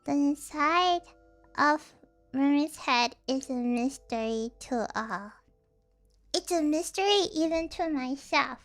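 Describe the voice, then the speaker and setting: A woman's voice: sits high, lively intonation, slow pace, fairly bright tone. A young woman streamer telling a rambling story in casual chat, full of fillers and restarts.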